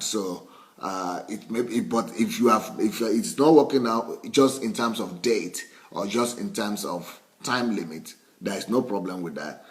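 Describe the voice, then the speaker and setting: A middle-aged male pastor delivers a sermon with a somewhat low voice. He talks to his listeners conversationally, repeats his key lines for emphasis, and often chuckles between points.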